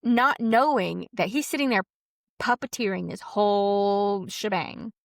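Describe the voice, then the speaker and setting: A woman's voice: mid-range voice, creaky, no room sound. Woman podcast cohost, chatty, tosses in quoted bits, dry sound. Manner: chatty, lots of "like", quotes people in quick asides. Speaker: podcast co-host telling the story. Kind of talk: casual storytelling chat.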